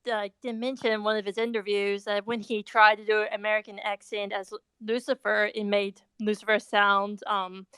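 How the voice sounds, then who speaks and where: A woman's voice: mid-range voice, level tone, normal speed, few pauses, fairly bright tone, clear, resonant tone, no room sound. A woman on a fan discussion panel who talks hesitantly, filling her sentences with um and like. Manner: hesitant, full of um and like. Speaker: podcast panelist.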